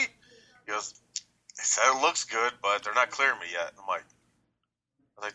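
A man, co-hosting a podcast and telling a story in an excited way. He acts out what people said and laughs often. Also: fairly low pitch, moderate pace, long pauses, poor audio. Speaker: podcast co-host. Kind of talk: casual chat.

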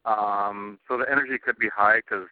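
Fairly low in pitch and fairly even in intonation, this man speaks at a moderate pace as co-host of a casual talk show. He rants crankily about TV with plenty of profanity, and the recording is dry with a tinny, phone-like quality.

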